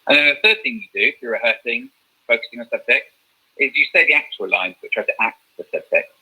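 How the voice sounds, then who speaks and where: A man's voice: mid-range voice, expressive, quick pace, sharp tone, breathy edge, low-quality recording. A man teaching a drama revision lesson, explaining step by step and checking in with "okay?".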